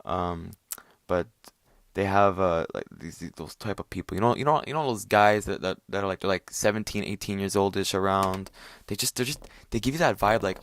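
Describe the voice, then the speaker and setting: Rambling profane young man, low voice. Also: a little fast, no echo, studio quality. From Italian family. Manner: profane, rambling, many fillers and restarts. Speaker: podcast host. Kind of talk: casual rant.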